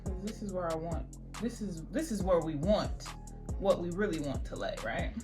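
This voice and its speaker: A woman's voice: lowish voice, normal speed, music in the background. A young adult woman vlogging while doing her hair at home, telling a story in a chatty, slangy, exasperated way. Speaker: beauty vlogger. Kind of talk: get-ready-with-me storytime.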